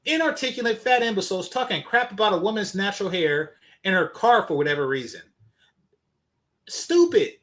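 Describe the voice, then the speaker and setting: A man's voice: high-pitched, expressive, fast, hardly any pauses, bright, forceful tone. A man hosting a reaction commentary, blunt, profane and scornful as he reads comments. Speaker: commentary channel host.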